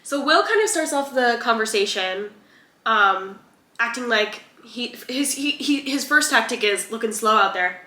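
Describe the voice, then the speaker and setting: A woman's voice: fairly high pitch, animated, measured pace, bright, forceful tone. A young woman co-hosting a podcast, casual and blunt, throwing in profane wisecracks. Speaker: podcast co-host. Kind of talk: casual book review chat. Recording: echoey room.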